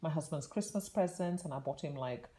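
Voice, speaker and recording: A woman's voice: low voice, fairly quick, mellow. A young woman vlogger telling a rambling, chatty story in a casual way, laughing often between her words.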